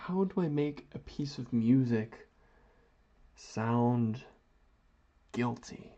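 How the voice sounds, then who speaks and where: Slow, gravelly man musing aloud. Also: mid-range voice, animated, dark tone. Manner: rambling, philosophical, mock-grand. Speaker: vlogger. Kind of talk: slow musing monologue while doodling. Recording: dull lo-fi audio.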